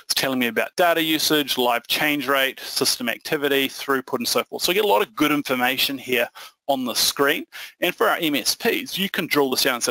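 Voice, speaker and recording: A man presenting a software product demo in a conversational, explaining manner with frequent fillers. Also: medium pitch, brisk, no echo, rough recording.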